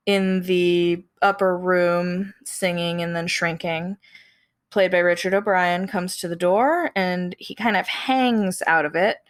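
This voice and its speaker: Slow-talking woman podcast host. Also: on the low side, clear, resonant tone, no room sound, studio quality. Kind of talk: casual podcast chat, recapping a film.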